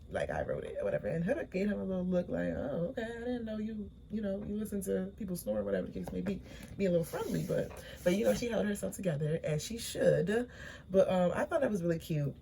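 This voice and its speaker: Young woman, low gravelly voice, opinionated recap host, faint hiss behind. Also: warm tone. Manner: chatty, opinionated, slangy storytelling. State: tired, late at night. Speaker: recap vlogger. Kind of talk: casual reality-show recap.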